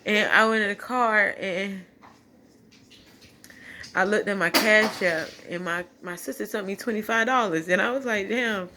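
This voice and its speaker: A woman vlogger shares an emotional testimony into her phone at home at night, crying, laughing, and preaching all at once. She speaks in a mid-range voice at normal speed over heavy background noise.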